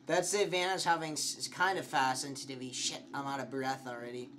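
A man's voice: medium pitch, steady tone, fast talker, noisy background. A young man giving commentary on a horror game, swearing often and shrieking when scared. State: slightly sick. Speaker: gameplay streamer.

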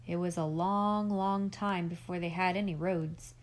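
A woman's voice: fairly low pitch, fairly even intonation, a little slow, close to an everyday voice. A woman reading a folksy old farmer uncle. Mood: explaining. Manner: homespun, rambling. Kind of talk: audiobook character reading.

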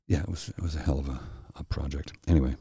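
A middle-aged man hosting a soft-spoken ASMR chat, telling a rambling story slowly and with restarts, close to the mic. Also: a bass voice, steady tone, vocal fry, slightly rough, no echo. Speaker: host.

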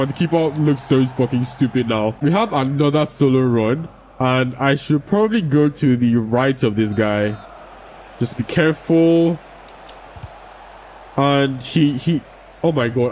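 Over a football video game, a young man who makes gaming videos on YouTube curses freely and launches into frustrated rants whenever the game gets to him. His medium-pitched voice is a little mellow. The recording is rough, with a little hiss or hum.

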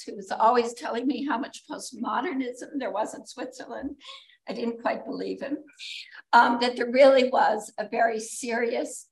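A woman at a podium giving a formal introduction at an academic symposium, reading prepared remarks with quick asides and fillers. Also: fairly high pitch, vocal fry. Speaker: symposium speaker introducing a guest. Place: lecture hall. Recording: echoey lecture hall.

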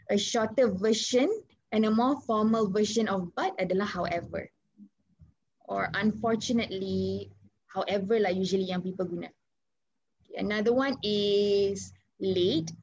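A woman's voice: mid-range voice, normal speed, a little mellow. A woman with a Malaysian accent teaching an online English class, switching between Malay and English and asking students questions. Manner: encouraging, asks students questions. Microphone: video call. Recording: slightly muffled video call audio.

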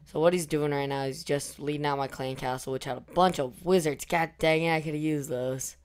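Hoarse young man narrating gameplay. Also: fairly high pitch, brisk. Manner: excitable, swings from mumbling to loud cheering. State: losing his voice. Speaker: gaming YouTuber. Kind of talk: casual gameplay commentary.

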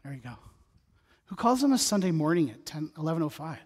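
A man's voice: on the high side, sing-song, quick pace. A middle-aged man preaching a sermon as pastor, mixing scripture reading with humorous asides and a personal story in a conversational way. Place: church sanctuary. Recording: church sanctuary with long reverb.

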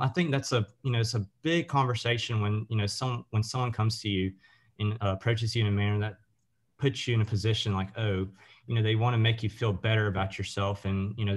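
A young man from the United States, sharing a reflective comment during a discussion. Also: on the low side. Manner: reflective, many fillers. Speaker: audience participant.

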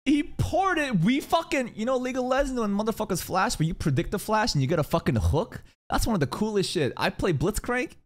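Excitable, foul-mouthed male streamer. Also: high voice, brisk, few pauses. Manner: excitable, profane, swinging between loud outbursts and mutters. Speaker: anime reaction streamer. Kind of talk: live reaction commentary.

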